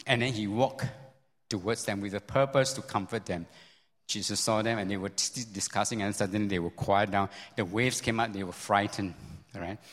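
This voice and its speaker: A man preaching a sermon as a pastor, telling the story in an animated way with many repeats and sudden jumps up in pitch. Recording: long hall reverb.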